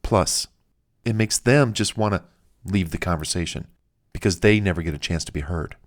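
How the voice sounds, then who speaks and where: Deep-voiced, chatty self-help narrator. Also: male voice, moderate pace. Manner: casual, anecdotal, with fillers and chuckles.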